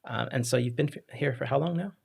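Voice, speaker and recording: A man hosting a podcast interview, speaking with a halting, thinking-aloud manner and a non-Australian accent. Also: mid-range voice, creaky, a little mellow, breathy edge. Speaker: podcast host. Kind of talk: interview chat.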